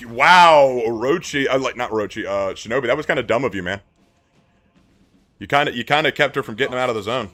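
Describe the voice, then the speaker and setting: A man's voice: medium pitch, fast, faint music behind. A young man from the American South, chatty and teasing, commentating casually while he plays. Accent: mild Southern US, mostly suppressed. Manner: animated, chatty, teasing, laughs often. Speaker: gaming streamer. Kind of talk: casual live-stream commentary.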